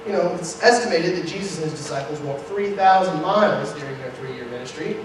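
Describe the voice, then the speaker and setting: A man's voice: a little high, brisk. A young man doing a stand-up set in a wry, conversational manner at a live venue. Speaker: stand-up comedian. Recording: echoey room from far off, noisy.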